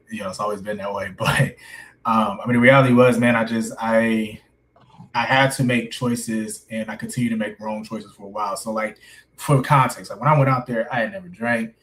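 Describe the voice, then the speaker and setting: A man's voice: lowish voice, poor audio. Laid-back man telling his story. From United States. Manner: relaxed, laughs often, uses "man" and "you know what I'm saying". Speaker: coffee shop owner, guest. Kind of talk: casual storytelling interview.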